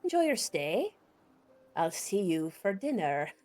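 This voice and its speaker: A woman voicing a raspy female ship captain who greets passengers aboard her vessel. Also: on the low side, very animated, unhurried, music in the background. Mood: welcoming.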